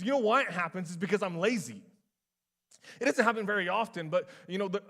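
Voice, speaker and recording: A young man with a notably high voice delivers a sermon as a pastor. He talks loosely and conversationally, dropping in casual fillers while staying animated.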